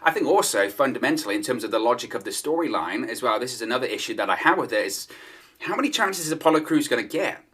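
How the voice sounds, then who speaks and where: A man's voice: medium pitch, lively intonation, fast talker, a bit bright, husky. A man giving solo opinion commentary on wrestling news, in a conversational manner and repeating his points for emphasis.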